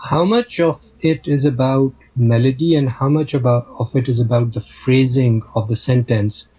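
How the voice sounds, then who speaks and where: A man's voice: mid-range voice, fairly even intonation, moderate pace, a little mellow, breathy edge. A man songwriter in a casual roundtable, asking a careful follow-up question. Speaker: guest songwriter.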